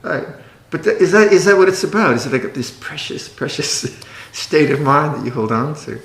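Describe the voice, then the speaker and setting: A man's voice: fairly high pitch, moderate pace, vocal fry, a bit bright, echoey room. A man teaching meditation in a dharma talk, playful and often laughing, sometimes mimicking fussy meditators.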